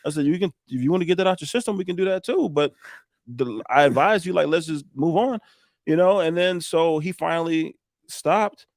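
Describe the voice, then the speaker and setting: Gravelly-voiced guy, roofer telling stories on a podcast, blunt, acts out the back and forth, dry close sound. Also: a little high, a little fast, no echo. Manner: animated storyteller acting out quoted dialogue, blunt, swears. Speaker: roofing contractor guest. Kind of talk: casual storytelling on a podcast.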